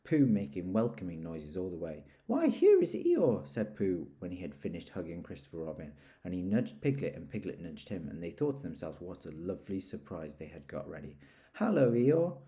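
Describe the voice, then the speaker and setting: A man reading a children's story aloud, gently pausing to ask the listener questions. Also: sits low.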